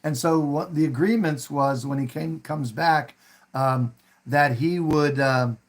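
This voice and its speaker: A man with a slightly higher-than-usual voice talks through a favorite film at an easy, rambling pace. He stops often with fillers and restarts his sentences. When he quotes the characters, he raises his voice to act out their lines. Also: slow. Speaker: host. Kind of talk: casual film discussion.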